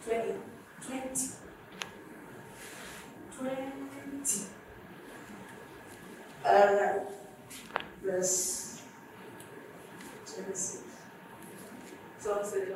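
Woman pastor, emphatic call-and-response sermon; high voice, distant mic, very echoey church. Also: takes it slowly, pauses often, noisy background. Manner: rising to emphatic preaching with repeated questions to the congregation. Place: church hall. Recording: echoey church hall from far off.

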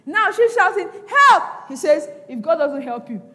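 Animated woman pastor preaching. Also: sits high, normal speed. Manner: animated, acts out quotes with sudden shouts and laughter. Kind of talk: sermon. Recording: long hall reverb.

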